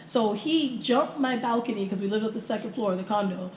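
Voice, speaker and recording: Speaking briskly at a medium pitch, a woman in her thirties shares crude stories as a podcast guest in casual chat. Laughter comes often, and she performs the quotes with animation. Faint noise and echo fill the room.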